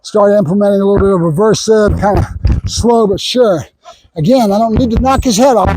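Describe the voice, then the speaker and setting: A middle-aged man training a dog outdoors, explaining plainly between high sing-song bursts of praise. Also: brisk, mellow, soft background music, rough recording. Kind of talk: casual training demonstration.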